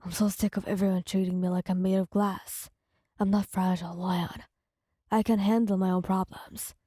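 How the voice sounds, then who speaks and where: A hot-tempered young male hero student, voiced by a woman, snapping in clipped, growling lines in an audio story. The voice is breathy and mellow, the delivery unhurried. The recording is dry and close. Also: high voice, flat delivery, no echo, voice pushed down. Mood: angry. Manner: clipped, growling, then remorseful. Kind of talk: audio story role-play.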